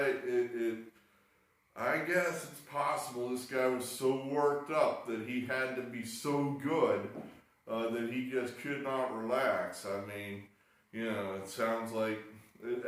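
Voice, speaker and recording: Rambling man in a very echoey room. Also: medium pitch. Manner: rambling, exasperated, wry asides. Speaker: sports betting video host. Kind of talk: rambling casual monologue. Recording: very echoey room, mic far off.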